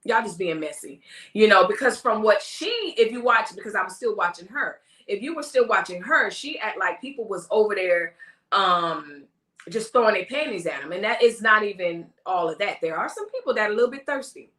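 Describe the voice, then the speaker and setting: A woman hosting a casual live-stream chat, animated and laughing, mimicking the people she talks about. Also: mid-range voice, brisk, echoey room. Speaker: host of a live talk stream.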